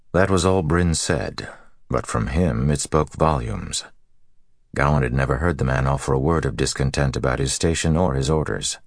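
Deep gravelly guy narrating a fantasy book, steady and even, dry audio. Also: normal speed, dry recording.

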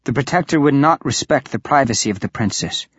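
A man giving steady, even scripted narration of a fantasy audiobook. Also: medium pitch, fairly quick, breathy edge, no echo. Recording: dull lo-fi audiobook recording.

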